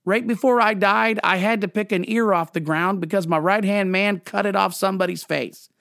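A man's voice: sits high, steady tone, normal speed, creaky, a bit bright, no room sound, studio quality. A man voicing God as a blunt, matter-of-fact male figure who gives curt, practical orders.

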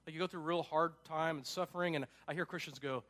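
A pastor with a notably high-pitched male voice delivers a sermon in an easygoing, conversational way. He leans hard on key points and drops in casual asides as he goes. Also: fairly even intonation, fast, fairly bright tone. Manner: emphatic, casual asides with frequent "like".

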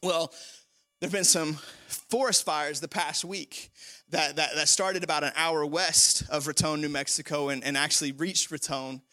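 A man preaching a sermon as pastor, animated and full of repeated phrases. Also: fairly high pitch, normal speed.

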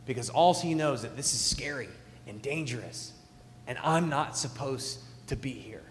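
A man in his thirties preaching a sermon as a pastor, telling stories with big swings from loud to hushed. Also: mid-range voice, animated, normal speed, a little hiss or hum. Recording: echoey hall.

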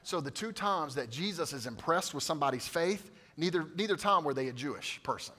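A man preaching a sermon to his congregation, swinging from loud emphatic peaks to quiet hushed asides and coaxing responses from the room. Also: on the high side, lively intonation, fairly quick. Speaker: pastor.

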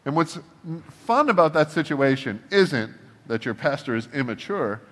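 A man preaching a casual, humorous sermon as a pastor, acting out blunt prayers to God in a lively voice. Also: a little high, normal speed. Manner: animated, humorous, acts out prayers to God in a shifting voice. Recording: long reverb of a large hall.

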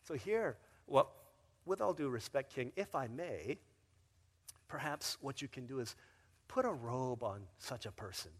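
A male pastor preaching a sermon in a lively, casual storytelling manner with slang. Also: medium pitch, unhurried.

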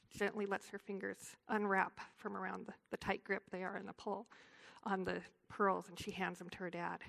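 A woman leads a devotional talk for a women's group, telling a story earnestly and then praying. Her voice sits at a middling pitch with a noticeable gravelly fry. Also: fairly bright tone. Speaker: women's ministry speaker.

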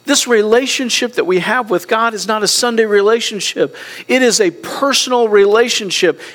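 Earnest, high-voiced middle-aged male pastor. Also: moderate pace. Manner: earnest, preaching with wide swings between soft and raised passages. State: emotional, near tears. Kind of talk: sermon.

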